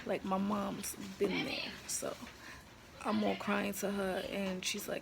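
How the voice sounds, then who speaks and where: A woman with a gravelly, fry-edged voice talks straight into a handheld phone from a hospital room. She is candid and blunt, swinging into emotional, slangy storytelling, while steady noise from the room runs underneath. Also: medium pitch, slow. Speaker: vlogger. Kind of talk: candid personal storytelling to camera. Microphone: handheld phone camera. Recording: noisy room ambience.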